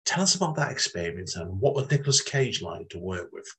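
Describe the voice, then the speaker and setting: A man hosting an interview in a fairly low voice. His questions run long and circle back on themselves before he gets to the point. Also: big pitch swings, brisk, fairly bright tone. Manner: rambling, repeats himself. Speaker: podcast host.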